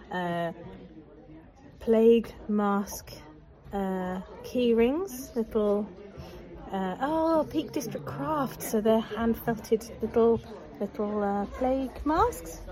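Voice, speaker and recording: A woman chats through a vlog in a museum gift shop, enthusiastic and full of laughing asides. She takes her time with each phrase. A crowd bustles around her. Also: medium pitch. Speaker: vlogger. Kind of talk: casual vlog chat.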